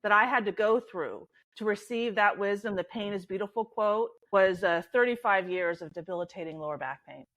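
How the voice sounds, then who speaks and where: A middle-aged woman, a podcast guest and author, telling a travel story with lively acted-out quotes and laughter. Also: mid-range voice, fairly quick, few pauses, low-quality recording. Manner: animated, laughing, acts out quotes. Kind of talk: storytelling in conversation.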